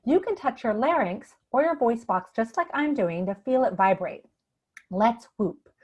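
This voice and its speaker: A woman leading a speech exercise lesson, demonstrating drills slowly and clearly and encouraging the listener. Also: on the high side, expressive, darkish tone, dull audio. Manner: slow, clear, encouraging demonstration with drawn-out practice words. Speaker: speech therapy instructor.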